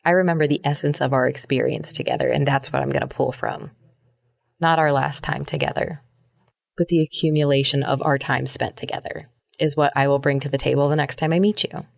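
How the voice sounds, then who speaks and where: A woman's voice: sits low, gravelly, darkish tone. A young woman hosting her own podcast, talking alone in a rambling, reflective way, often repeating words and trailing off with fillers. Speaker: podcast host. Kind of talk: reflective solo monologue.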